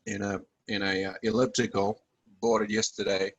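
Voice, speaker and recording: A man co-hosting a podcast in casual chat, easygoing and halting with repeated words. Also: fairly low pitch, level tone, a bit bright, highs cut off, slight background noise. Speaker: podcast co-host.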